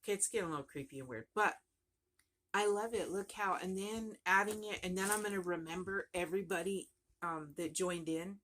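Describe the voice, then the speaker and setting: A woman's voice: lowish voice, fairly quick, fairly bright tone. A woman vlogging casually about her crochet project, rambling and chatty, often trailing off and starting over. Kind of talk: casual chat to camera.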